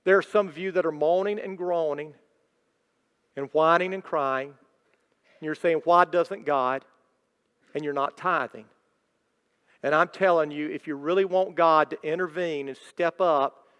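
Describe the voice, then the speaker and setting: High-voiced preaching pastor man. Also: a bit bright. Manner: emphatic preaching with repetition and rising intensity. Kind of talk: sermon. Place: church sanctuary. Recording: long church hall reverb.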